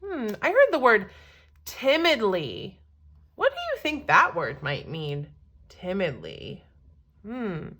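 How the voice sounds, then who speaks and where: A woman teacher reading a storybook aloud to children, pausing to ask questions in an encouraging, expressive way. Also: mid-range voice.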